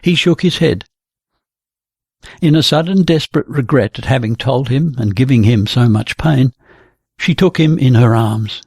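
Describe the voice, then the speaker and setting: An audiobook narrator reading in a measured, low-key way. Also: darkish tone, breathy edge, no echo. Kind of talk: scripted narration.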